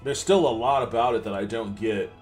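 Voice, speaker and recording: Man, casual gameplay commentary, swears a lot, self-mocking, mid pitch, game music behind. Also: a little fast, darkish tone. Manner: chatty, swears, self-mocking, laughs often. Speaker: podcast host.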